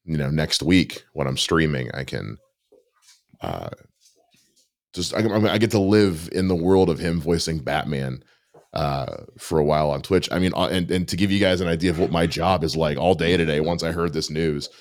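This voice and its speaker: A man co-hosting a podcast in casual chat, talking haltingly with many fillers. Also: very deep voice, no echo, clean studio sound. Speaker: podcast co-host.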